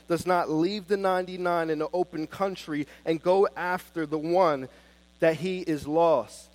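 A man preaching a sermon with fervent emphasis, swinging between loud declarations and soft, hushed pleas. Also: fairly high pitch.

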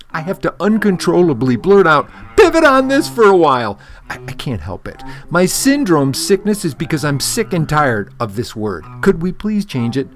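A man presenting a scripted rant segment on a podcast, gruff and profane. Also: medium pitch, lightly acted.

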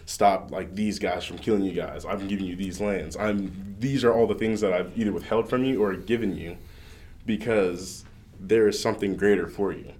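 A man co-hosting a podcast, reading scripture and then chatting about it in a relaxed way with fillers and laughs. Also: low-pitched, normal speed. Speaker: podcast co-host. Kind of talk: casual faith chat and scripture reading.

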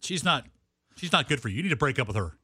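A man co-hosting a radio show, joking and teasing in casual banter, sometimes dropping to a low mutter for asides. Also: sing-song, quick pace, sharp tone, slightly rough, no room sound, studio quality. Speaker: radio host.

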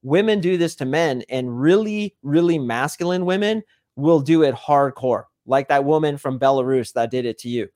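A man's voice: fairly high pitch, normal speed, a little mellow, no echo, clean studio sound. A man who is a dating coach, a podcast guest, explaining with confidence and acting out quoted dialogue.

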